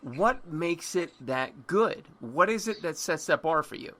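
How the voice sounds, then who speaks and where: A man's voice: a little high, animated, unhurried, very noisy. A man hosting a podcast over a phone call, joking loosely with his guest, often stammering and restarting his sentences, with the odd swear. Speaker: podcast host. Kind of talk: casual interview hosting.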